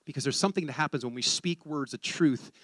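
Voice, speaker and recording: A man's voice: mid-range voice, fast, a bit bright, no room sound, clean studio sound. A man preaching a sermon, telling a story and acting out the conversation, then rising to fervent exhortation.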